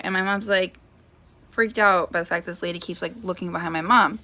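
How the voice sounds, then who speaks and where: A woman's voice: fairly low pitch, flat delivery, normal speed, bright, forceful tone. A woman in her thirties telling a personal story in a vlog, chatty, with lots of fillers. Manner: chatty, lots of fillers, acts out quoted voices. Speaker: vlogger.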